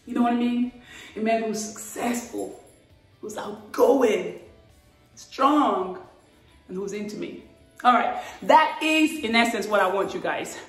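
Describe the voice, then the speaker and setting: A woman talking casually to camera, playful and animated. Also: a little slow, long pauses, echoey room, distant mic, soft background music. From Africa. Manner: playful and animated, with laughs and sudden high exclamations. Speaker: vlogger.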